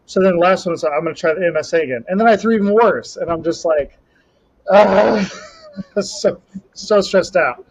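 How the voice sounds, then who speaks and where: A young man on a podcast, casually telling a rambling, animated story about a competition. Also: fairly high pitch, brisk. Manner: rambling, animated storytelling with self-talk asides. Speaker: podcast co-host and Highland Games athlete. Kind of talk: casual chat. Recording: slightly dull lo-fi audio.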